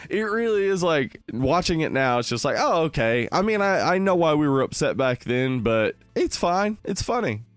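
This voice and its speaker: A man's voice: on the high side, big pitch swings, moderate pace, few pauses, clear, resonant tone, no echo, studio quality. A man in his thirties co-hosting a podcast, rambling casually about films with lots of "like". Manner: rambling, many "like"s and restarts. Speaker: podcast co-host. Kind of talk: casual film-review chat.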